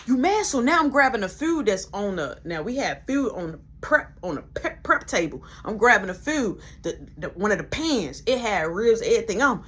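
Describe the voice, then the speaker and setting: A young woman telling a story in casual chat, animated and acting out the voices of everyone involved. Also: mid-range voice, moderate pace, few pauses, breathy edge. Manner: animated, acts out every voice, laughs along.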